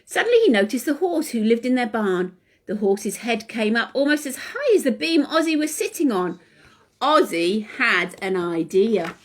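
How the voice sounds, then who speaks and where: A woman leading a children's session, reading a picture book aloud in an animated, sing-song way and asking the children questions. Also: fairly high pitch, moderate pace. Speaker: children's class leader. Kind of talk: reading a story to young children.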